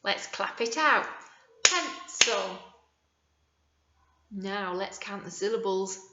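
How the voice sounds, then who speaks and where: An English woman teaching phonics to young children, sounding out words slowly and warmly encouraging them. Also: medium pitch, expressive, reverberant, highs cut off, heavy background noise. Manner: slow, sing-song, exaggerated word sounding for small children. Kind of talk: early years phonics lesson.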